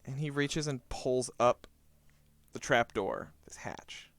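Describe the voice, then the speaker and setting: A man narrating a tabletop role-playing game as game master, describing scenes in a relaxed way. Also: medium pitch, slow, no room sound.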